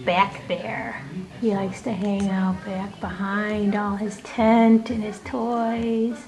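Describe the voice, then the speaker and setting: A woman filming her pet bird at home, coaxing and doting on it in soft baby talk. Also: medium pitch, flat delivery, slow pace, crowd noise. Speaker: pet owner. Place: home, indoors.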